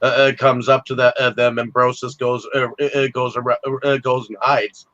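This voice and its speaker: A man co-hosting a casual movie chat, talking haltingly with many fillers and restarts. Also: medium pitch, little pitch movement, bright, forceful tone, no room sound, highs cut off. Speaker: podcast co-host.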